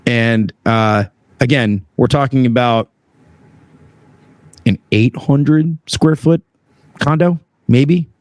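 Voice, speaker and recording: Telling a story on a podcast, a man who works in HVAC sales brings the characters to life with animated delivery and big leaps in pitch. He takes it slowly and pauses often, and the recording is dry.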